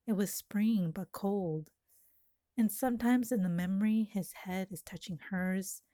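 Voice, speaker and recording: Mellow woman reading a poem intimately. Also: mid-range voice, no echo, studio quality. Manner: slow, lyrical, intimate delivery. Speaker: poet. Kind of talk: poetry reading.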